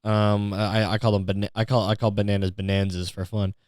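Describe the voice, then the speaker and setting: A man with a smooth, resonant voice delivers an exasperated comedic rant, swearing constantly and dripping with sarcasm. He is recorded close and dry on a podcast mic, with no room sound. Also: fairly low pitch, little pitch movement, brisk, a little mellow, dry recording. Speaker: podcast host.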